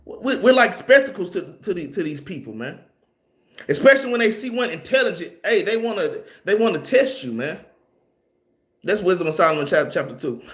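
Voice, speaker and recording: A young man teaching scripture in a loose, slangy way, repeating words and reading verses slowly. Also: sits high, fairly bright tone. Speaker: street preacher teaching scripture. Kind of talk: informal Bible teaching.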